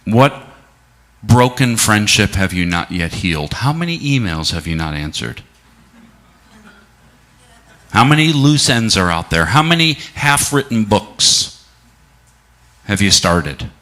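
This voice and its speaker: A middle-aged man speaking a sermon at a church service, reflective and unhurried, posing many rhetorical questions to the congregation and slowing down for emphasis. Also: lowish voice, sing-song, sharp tone.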